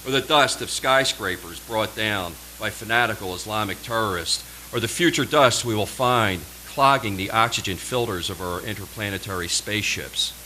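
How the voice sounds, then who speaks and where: A male poet performing his poems live at a small venue, with a measured, dramatic delivery and slow, emphatic pauses. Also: lowish voice, bright, forceful tone, slight background noise, low-quality recording.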